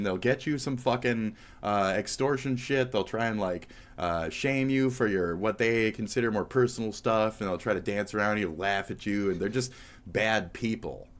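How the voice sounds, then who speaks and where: A man streaming live, ranting angrily and rambling, with constant swearing. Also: fairly low pitch. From United States. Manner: rambling, heavy cursing, angry. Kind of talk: profane live-stream rant.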